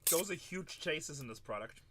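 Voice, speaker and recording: A man's voice: on the high side, lively intonation, normal speed, background noise. A man hosting a live card-break stream, chatting and bantering with viewers as he opens packs. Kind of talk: casual live-stream chat.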